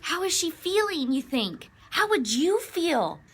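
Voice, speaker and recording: Expressive woman reading aloud to kids. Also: very high-pitched, a little slow. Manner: animated, expressive, asks children questions. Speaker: children's librarian. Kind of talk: reading a picture book aloud to children.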